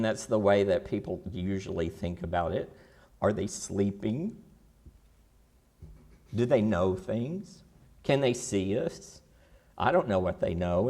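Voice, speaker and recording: A man's voice: mid-range voice, a little mellow. A man teaches a Bible class in a church classroom. His manner is folksy and casual, and he keeps quizzing the students as he goes.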